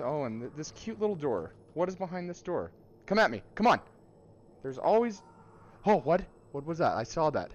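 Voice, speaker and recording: A young man playing a horror game at a friend's home, reacting out loud. He talks to himself, exclaims when startled and laughs nervously. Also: fairly high pitch, sing-song, normal speed, pauses often, highs cut off.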